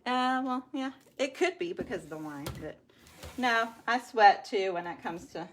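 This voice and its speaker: A woman's voice: fairly high pitch, very animated, normal speed, slight background noise. A woman hosting a casual live craft stream, chatting to viewers and laughing often. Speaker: craft livestream host.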